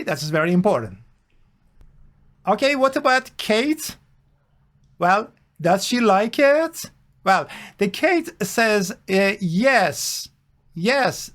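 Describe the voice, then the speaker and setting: A man teaching grammar, speaking in a slow, repetitive, emphatic way with many fillers. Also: sits high, fairly bright tone. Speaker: English teacher. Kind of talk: grammar lesson explanation.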